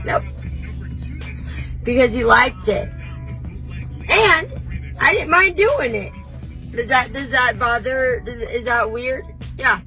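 A woman with a bright, fairly high voice tells her story in a brash, defiant comic rant. She takes her time, drawing out words with pauses and breathy laughs between lines. Soft music plays faintly underneath. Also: expressive, low-quality recording. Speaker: vlogger. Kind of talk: comedic confessional rant.

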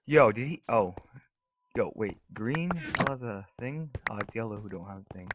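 A young man giving casual, excitable gameplay commentary, trash-talking opponents and swearing often. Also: mid-range voice, normal speed. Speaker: gaming YouTuber. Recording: noisy recording with mouse and keyboard clicks.

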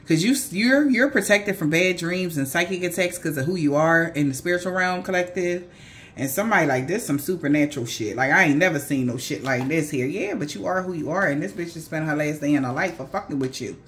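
A woman's voice: low-pitched, brisk, slight background noise. Profane, laughing woman doing a psychic reading. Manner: profane, laughing, animated, talks straight to viewers. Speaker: psychic reader. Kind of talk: casual spiritual reading vlog.

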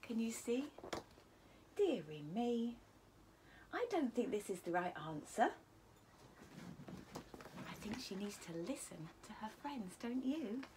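Teacher lady reading a kids story, slow and bouncy, voice going up and down a lot, sometimes whispering. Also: fairly high pitch, background noise. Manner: animated, asks children questions, often drops to a whisper. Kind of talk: reading a picture book to children.

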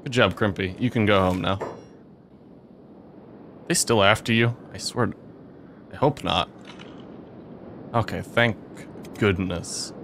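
A young man giving gameplay commentary, swearing often and breaking into excitable outbursts. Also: lowish voice, slow pace, pauses often, a little hiss or hum. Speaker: let's play host.

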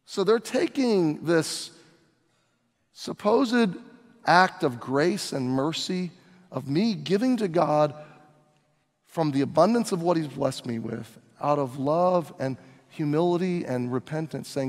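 A man's voice: a little high, lively intonation, takes it slowly, big-room sound. A male pastor preaching a sermon, telling the story dramatically as if living through it himself. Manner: dramatic storytelling, acting out scenes.

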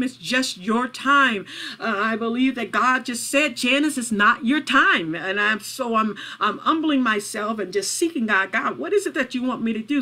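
A woman pastor greeting viewers, then praying fervently and repetitively, at times tearful and shouting. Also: fairly high pitch. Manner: fervent, rising into shouted prayer; repetitive, halting with fillers. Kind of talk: livestreamed prayer and testimony.

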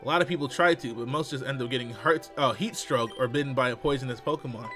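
A man's voice: medium pitch, quick pace, sharp tone, soft background music, pitched below the performer's own voice, natural voice. A man reading the lines of an irritable, haughty woman gym leader in a weary, snippy way. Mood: irritated.

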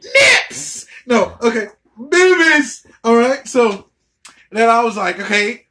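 A man's voice: extremely high pitch, steady tone, measured pace, fairly bright tone. A man doing a profane comedic rant, stammering and repeating words as he goes.

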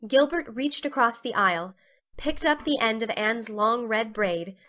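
A woman narrating a classic novel as a dramatic storybook reading, with expressive storytelling. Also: a little high, measured pace.

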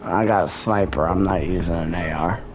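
A man's voice: low-pitched, normal speed, a crowd in the background. A man making gaming videos, giving a profane, frustrated running commentary and trash-talking other players as he plays.

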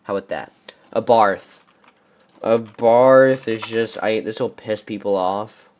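A young American man, a car reviewer, rambles casually through a tier list of car brands and often trips over the names. His voice is on the low side with a darkish tone, and he speaks slowly. The recording sounds muffled.

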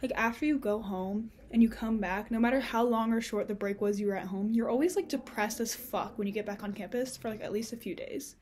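Young female college vlogger, slightly high voice, out of breath, rambling casual chat in a dorm room. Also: a little fast, hardly any pauses, a little mellow. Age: young adult. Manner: rambling, lots of filler "like" and "um".

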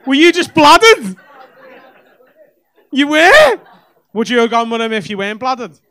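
A man's voice: very high voice, expressive, fast, bright, forceful tone. A male stand-up comedian doing cheeky, sweary crowd work on a club stage, talking into a handheld mic. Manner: cheeky, swearing banter with audience. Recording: live comedy club with audience laughter.

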